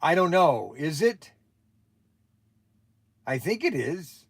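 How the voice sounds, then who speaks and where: A man's voice: high-pitched, animated, takes it slowly, long pauses. A man hosting a casual livestream, talking in a chatty, rambling way with many restarts. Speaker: livestream host.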